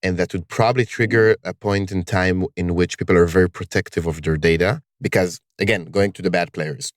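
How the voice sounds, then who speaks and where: A man hosting a podcast in casual conversation, speaking emphatically and lifting his pitch on key words. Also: steady tone, fairly quick, no room sound, studio quality. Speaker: podcast host.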